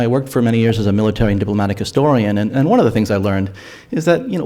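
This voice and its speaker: In a lecture hall, a man with a darkish, mid-range voice gives a forum talk on drug policy. He's earnest and argumentative, and keeps restarting his phrases, repeating words each time.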